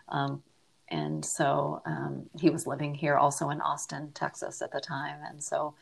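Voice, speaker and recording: Middle-aged woman, low voice, earnest and reflective, conversational interview guest. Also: gravelly, breathy edge. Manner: earnest and reflective, softening to near-whispers. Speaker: podcast guest, grief advocate. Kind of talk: conversational interview, personal storytelling.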